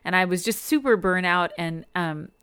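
A woman's voice: fairly low pitch, normal speed, fairly bright tone, smooth. A young adult woman, a radio DJ, talking as a chatty guest in a casual interview. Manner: chatty, self-described talker.

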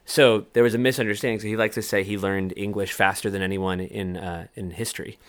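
A man's voice: on the low side, fairly even intonation, fairly quick, dry recording. A young man from New York chatting casually as a musician guest, rambling and jokey, often correcting himself mid-sentence. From New York, USA. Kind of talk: casual chat.

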